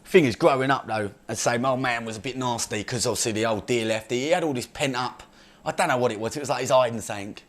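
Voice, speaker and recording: A man's voice: medium pitch, quick pace, fairly bright tone, natural voice. A man doing a brash crude Essex chav. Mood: mocking. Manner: boastful, crude, rambling with slang. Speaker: comedy character. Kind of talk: improvised character monologue.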